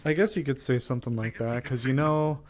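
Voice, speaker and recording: A man in a casual roleplay conversation who talks softly and hesitantly, then swears when riled. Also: medium pitch, a little fast.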